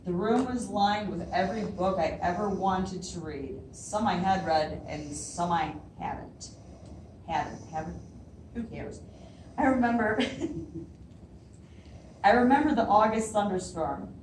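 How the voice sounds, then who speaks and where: A woman with a fairly low, slightly mellow voice reads her own poetry at a library event, speaking unhurriedly with long pauses. She sounds nervous and laughs often between lines. Captured from a distance in a roomy hall, the recording has slight background noise.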